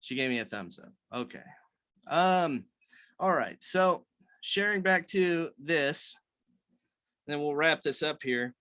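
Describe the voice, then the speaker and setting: A man's voice: a little high, animated, takes it slowly, long pauses, pushed and bright, smooth, no room sound. A man leading a writers' meeting on a video call, explaining things loosely with many fillers and restarts.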